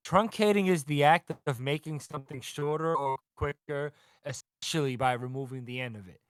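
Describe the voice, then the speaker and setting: A man's voice: a little high, clear, resonant tone, no echo. A man co-hosting a podcast, casually recapping a manga chapter and acting out the characters' lines with lots of swearing. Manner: animated, swearing, acting out characters in quick voices. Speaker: podcast co-host.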